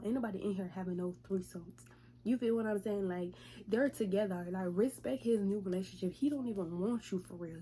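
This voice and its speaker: A young woman vlogger in casual storytime, retelling events in a profane, chatty, lively way. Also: medium pitch.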